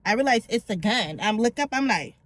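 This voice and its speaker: A woman's voice: on the high side, expressive, brisk, fairly bright tone, a little hiss or hum. A middle-aged woman vlogger telling her own story in a candid, blunt and slangy way. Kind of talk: confessional storytelling.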